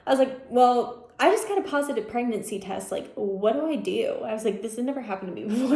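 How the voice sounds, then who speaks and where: A woman's voice: a little high, quick pace, few pauses, warm tone. A young woman telling a personal story in a casual, chatty way, full of "like" and laughing asides. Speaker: vlogger. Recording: echoey room.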